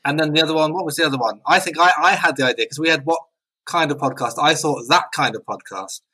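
A man's voice: fairly high pitch, fast, sharp tone, breathy edge, rough recording. A man co-hosting a casual podcast, wry and joking. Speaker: podcast co-host.

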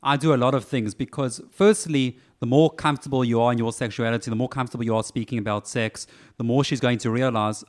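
A man who is a podcast guest and dating coach, explaining his methods step by step in a casual, animated way. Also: medium pitch, quick pace, few pauses. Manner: animated, breaks points into steps.

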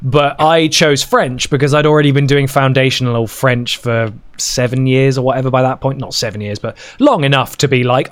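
A young man, hosting a casual podcast and telling school stories in an animated way. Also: normal speed, hardly any pauses, smooth. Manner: animated storytelling, swooping pitch. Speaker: podcast host. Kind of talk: casual chat.

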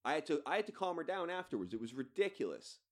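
A man's voice: fairly high pitch, big pitch swings, fast. A man hosting a podcast, ranting bluntly and swearing freely. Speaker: podcast host. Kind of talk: solo podcast rant.

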